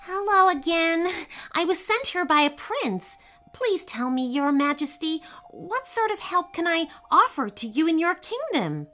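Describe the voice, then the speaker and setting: A woman putting on a bright little schoolgirl. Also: very high voice, very animated, measured pace, voice pushed up, full character voice. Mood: eager. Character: curious polite young schoolgirl.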